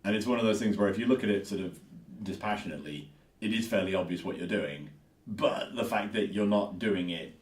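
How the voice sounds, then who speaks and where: Deep-voiced man, echoey distant mic. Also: brisk. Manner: thinking aloud, trailing off, repeating himself. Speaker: podcast co-host. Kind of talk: casual chat.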